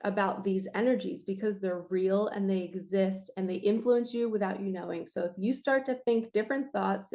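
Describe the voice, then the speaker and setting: A woman speaking to her viewers in an earnest spiritual talk, urging and emphatic. Her voice is raspy from straining her throat, with a pitch in the middle of the usual range. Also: mellow. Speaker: spiritual reader and coach.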